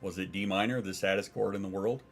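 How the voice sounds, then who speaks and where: A man's voice: sits low, steady tone, quick pace, faint music behind. A man streaming from home, chatting casually and rambling, swearing and reading out chat messages.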